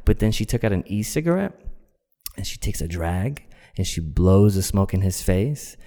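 A man's voice: low-pitched, sing-song, moderate pace, warm tone. A man telling a personal story in a casual, rambling way, with lots of fillers. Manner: rambling, many fillers, acts out quoted voices. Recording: long echoey reverb.

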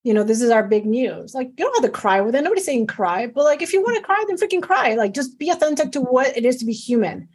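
A middle-aged woman doctor, appearing as a guest, chats casually in an interview. Her voice is husky and a touch high, and she talks fast and emphatically in an animated way, with many fillers.

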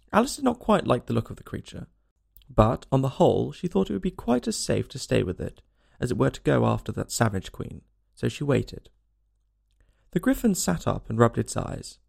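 A man narrating a storybook in an expressive, animated way. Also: mid-range voice, gravelly. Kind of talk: storybook reading.

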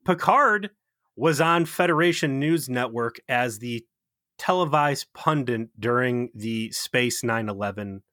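Bright, dry-voiced man ranting. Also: medium pitch, expressive, unhurried, no room sound. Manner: ranting, profane, sarcastic. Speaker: podcast co-host. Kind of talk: casual critique chat.

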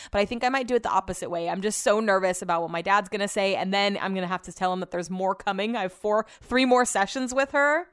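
A young woman hosting a casual solo podcast, chatty and animated, telling stories and swearing casually. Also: medium pitch, clear, resonant tone, no room sound, clean studio sound. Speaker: podcast host.

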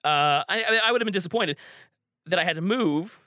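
Bright-voiced man telling a rambling story. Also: sits high, lively intonation, fairly quick, dry recording, studio quality. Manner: rambling, frequent restarts and fillers. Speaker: storyteller guest. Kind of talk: casual storytelling.

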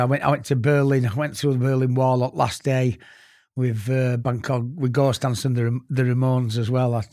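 A middle-aged man with a Yorkshire accent, being interviewed, telling stories in a blunt, laughing way with some swearing. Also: mid-range voice. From Yorkshire, England. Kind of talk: casual interview chat.

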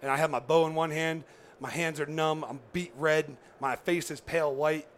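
A man, a podcast guest, telling a story in a casual, animated way, laughing often and acting out dialogue. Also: fairly high pitch, moderate pace, slight background noise.

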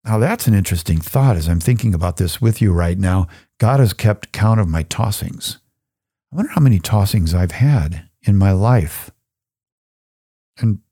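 A middle-aged man hosting a faith podcast, reflecting on Bible verses in an earnest, conversational way and reading Scripture slowly. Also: lowish voice, no room sound, clean studio sound. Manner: gets choked up and soft when sharing personal grief. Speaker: podcast host. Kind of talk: reflective Bible teaching talk.

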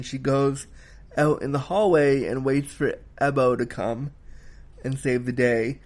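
A man giving a casual spoken film review, emphatic and heated, swearing freely as he rants. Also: medium pitch.

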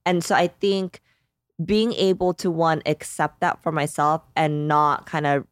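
This podcast co-host, a woman in her thirties, speaks unhurriedly in a low voice with a level tone. Emotional and grateful, she rambles through casual chat peppered with "like"s. The studio sound is clean, with no echo.

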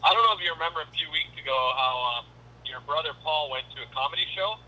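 A man's voice: a little high, fast, pushed and bright. A man calling in by phone from his car, chatting in a dry, teasing way. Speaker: caller. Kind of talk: casual phone call. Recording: tinny phone line.

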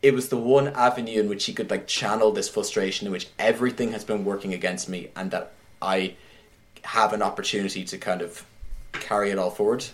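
A man in casual conversation, retelling a film scene by scene in an animated way, with many "like"s. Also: lowish voice, a little fast. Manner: animated retelling, heavy use of "like". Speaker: podcast guest discussing films.

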